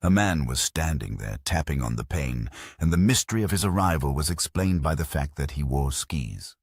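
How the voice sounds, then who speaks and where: A man narrates a mystery novel in an extremely deep, husky voice. His reading is measured, with lively rises and falls. The sound is dry and close. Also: no echo. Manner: measured storytelling delivery. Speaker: audiobook narrator.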